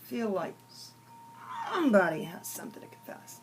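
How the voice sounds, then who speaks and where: A woman voicing a male country preacher coaxing his congregation to confess, in a drawn-out preaching cadence. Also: mid-range voice, very animated, over music, lightly acted.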